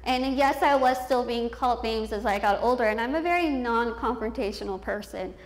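Twenties woman giving a talk, kinda high voice, pokes fun at herself, echoey hall. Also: a little fast. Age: 20s. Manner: candid, self-deprecating, laughs often. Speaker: motivational speaker. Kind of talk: personal storytelling speech. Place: event hall with a youth audience. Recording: echoey room.

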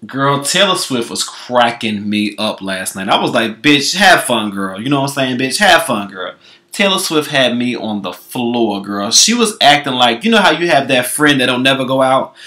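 Man vlogger, bright and sassy, foul-mouthed comedic rant. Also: medium pitch, animated, normal speed. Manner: sassy, profane, calls listeners girl constantly. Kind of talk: comedic commentary.

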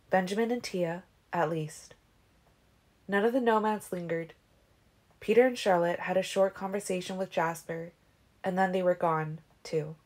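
A woman reading a novel aloud as an audiobook in a steady, even way. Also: lowish voice. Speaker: audiobook reader. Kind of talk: audiobook narration.

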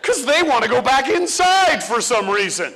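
Guy doing a funny talk, high bright voice, bounces all over the place. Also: moderate pace. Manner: animated, acts out kids and teachers. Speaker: speaker. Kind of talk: comic talk.

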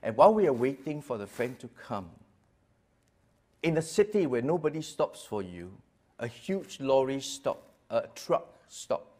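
A middle-aged man from Singapore, a pastor giving a personal testimony. He tells it as a story, dropping to a hush and then rising loud and lively, often repeating words. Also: medium pitch, unhurried.

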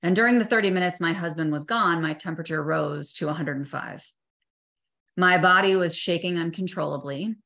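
A middle-aged woman, a therapist, reading aloud a personal chapter of her own book in a measured, soft way. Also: fairly low pitch. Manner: measured and soft, slowing on tender memories.

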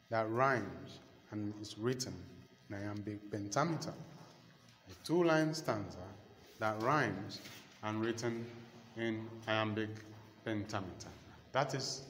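A man lecturing a class, speaking slowly and repeating key terms so students can copy them down. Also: lowish voice, a bit bright, slight background noise. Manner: slow, repeats key terms to dictate notes. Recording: echoey hall with faint ambience.

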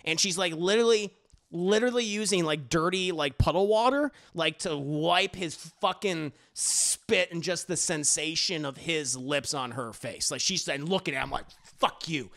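A man casually recapping a TV episode, animated and profane, acting out the scenes as he goes. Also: a little high, normal speed. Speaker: TV reviewer.

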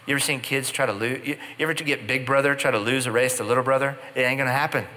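A male pastor preaching in a large church auditorium on a stage microphone. His voice is bright and forceful, and the sound rings with a long hall reverb. He tells stories in a relaxed, conversational way with playful asides. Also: mid-range voice, rapid-fire, slight background noise. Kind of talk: sermon.

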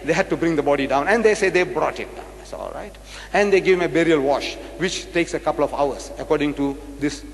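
A high-voiced man lectures with sweeping, lively swings in pitch, dramatic and full of rhetorical questions. His voice rings through a large lecture hall with a long echo. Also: a little hiss or hum. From South Africa. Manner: dramatic, rhetorical, questions the audience and acts out debates. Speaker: public lecturer. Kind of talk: religious debate lecture. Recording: live hall recording with long reverb.

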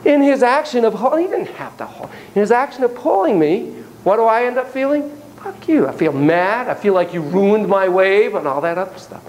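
Animated, profane male psychotherapy lecturer. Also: high-pitched, fairly quick, slight background noise, poor audio. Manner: animated, profane, storytelling with acted voices. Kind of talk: university lecture. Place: lecture room.

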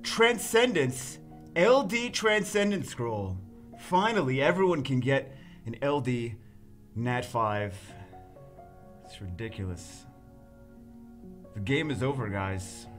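A man's voice: medium pitch, lively intonation, takes it slowly, long pauses, a bit bright, faint music behind. A man hosting a casual gaming vlog, talking animatedly and swinging from mock outrage to laughter. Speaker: gaming channel host.

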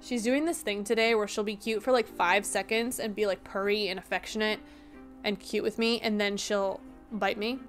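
A young woman streams a game, chatting casually and giggling as she quickly riffs on her viewers' jokes. Her mid-range voice holds a steady tone over soft background music.

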